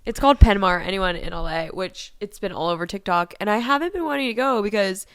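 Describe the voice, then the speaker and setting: A woman's voice: mid-range voice, expressive, quick pace, smooth, no echo, studio quality. A young woman co-hosting a podcast, rambling in casual chat and self-deprecating, with lots of "like" in her sentences. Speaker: podcast co-host.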